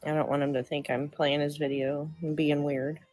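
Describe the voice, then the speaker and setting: A woman's voice: low-pitched, level tone, moderate pace, a little mellow, soft background music, low-quality recording. A woman hosting a livestream panel, chatting casually in a rambling way that trails off into fillers. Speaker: livestream host.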